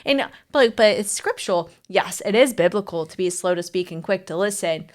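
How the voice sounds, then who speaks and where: A woman's voice: fairly low pitch, expressive, normal speed, darkish tone. A woman marriage coach talking candidly and telling a story with animation in a casual podcast chat.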